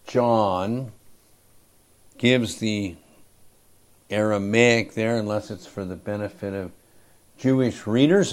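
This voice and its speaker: A man preaching an expository sermon, reading scripture and commenting with emphatic pauses and frequent throat clearing. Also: mid-range voice, darkish tone.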